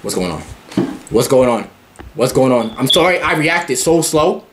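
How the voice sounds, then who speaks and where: A man giving loud, profane commentary on a horror game, yelping at scares and talking back to the characters. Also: mid-range voice, normal speed, background noise. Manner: excitable, profane, yelps at jump scares. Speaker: gaming YouTuber.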